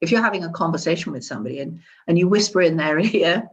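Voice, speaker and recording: A woman speaks in a lowish voice with a wide, swooping pitch. She is animated and demonstrative as she chats, and she laughs often. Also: fast, lo-fi sound. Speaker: guest wellbeing specialist. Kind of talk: casual conversation. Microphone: seated at a chair.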